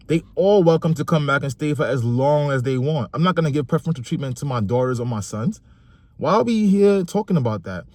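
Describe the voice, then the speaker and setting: A man's voice: mid-range voice, no room sound. A young adult man, delivering a passionate opinion monologue about fatherhood and repeating phrases for emphasis. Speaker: vlogger and father.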